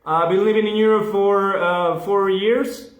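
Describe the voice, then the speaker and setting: A man from Mexico with a Mexican accent doing a profane, deadpan stand-up set. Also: sits high, moderate pace, reverberant, rough recording. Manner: deadpan, profane, acts out voices. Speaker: stand-up comedian. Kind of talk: stand-up set at a virtual gig.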